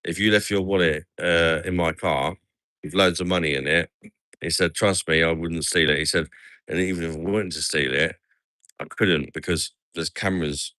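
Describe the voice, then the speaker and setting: A man's voice: sits low, fairly even intonation, normal speed, sharp tone, no echo. An English man chatting casually on a livestream, calling everyone "mate". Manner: chatty, says "mate" a lot. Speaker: livestream host. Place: outdoors at night in a resort town.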